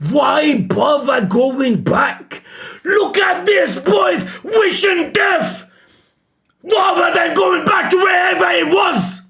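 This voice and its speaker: A man reacting live to a manga chapter, emotional and shouting, swearing often. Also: extremely high pitch, takes it slowly, creaky. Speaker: reaction streamer.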